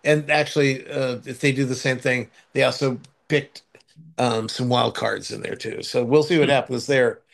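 Older man, casual chat, rambling anecdotes, mid-pitched voice, lots of ums and restarts. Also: fairly even intonation, moderate pace, gravelly. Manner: rambling anecdotal storytelling with many restarts and fillers.

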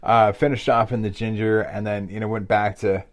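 A man's voice: on the low side, flat delivery, normal speed. A man shares stories on a casual podcast. His talk rambles and circles back with plenty of fillers and asides, candid and easy, with laughter breaking in. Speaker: podcast co-host. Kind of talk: casual storytelling chat.

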